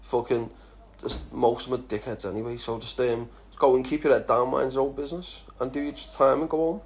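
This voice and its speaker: A man's voice: mid-range voice, fairly even intonation, brisk. A man from England in his thirties, answering follower questions in a casual chat, blunt and swearing, often calling people lad. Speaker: social media personality answering follower questions.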